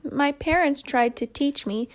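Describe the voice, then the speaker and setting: Weepy shy little bear cub, small whiny voice, highish, woman voicing him. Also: measured pace. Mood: plaintive.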